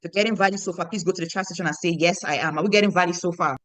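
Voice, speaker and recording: A woman's voice: lowish voice, fairly even intonation, racing, fairly bright tone, dry recording. A woman with a Nigerian accent, coaching her business team in an online motivational training, emphatic and repeating herself for stress. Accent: Nigerian English. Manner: emphatic, repeats lines for stress, asks the audience questions.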